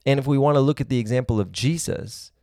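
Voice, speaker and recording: A man's voice: medium pitch, fast talker, darkish tone, no echo, studio quality. A man giving a sermon-style teaching, earnest and reasoning aloud, building his points in long spoken lists.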